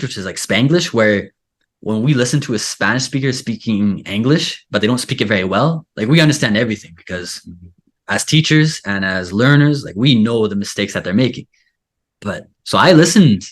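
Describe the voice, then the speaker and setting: A man in casual conversation, talking in a relaxed, rambling way full of fillers. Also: mid-range voice. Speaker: language teacher, show host.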